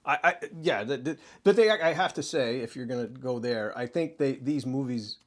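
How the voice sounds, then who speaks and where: A man's voice: medium pitch, lively intonation, normal speed, fairly bright tone. A man co-hosting a casual film review chat, enthusiastic and acting out scenes in quoted voices. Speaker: co-host.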